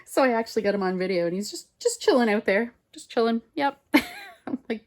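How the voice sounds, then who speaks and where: A woman chatting casually while she makes a collage at home, rambling and muttering softly to herself as she works, recorded on a phone on a mount. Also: fairly high pitch, huge pitch swings, a little fast. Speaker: collage artist. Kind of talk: casual crafting chat. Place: home craft table, indoors.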